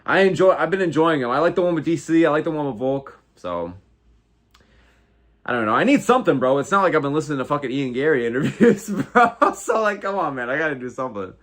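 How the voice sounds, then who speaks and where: A fast-talking American man in his twenties hosts a casual livestream, his fairly high, fairly bright voice very animated. He reads viewer comments and reacts with slang and heavy swearing.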